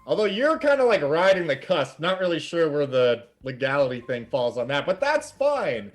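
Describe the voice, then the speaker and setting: A flashy djinn emcee works the crowd with booming showman patter, as a man puts him on. He sits high and loud, selling every line like a broadcast. It plays out in a tabletop game. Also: sing-song, normal speed, faint music behind. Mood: showy. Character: flashy male djinn game show host.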